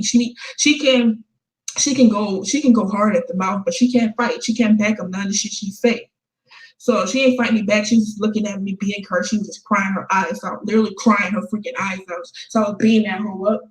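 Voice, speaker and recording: A woman's voice: mid-range voice, reverberant, low-quality recording. A young woman in her late teens, talking in a casual, flippant way in a confessional vlog and laughing between sentences. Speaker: vlogger.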